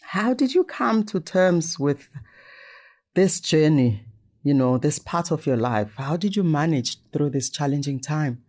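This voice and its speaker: A woman hosts a podcast interview in a low voice. She is chatty and teasing and laughs often with her guest. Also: lively intonation, measured pace, darkish tone. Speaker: podcast host. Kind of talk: conversational interview.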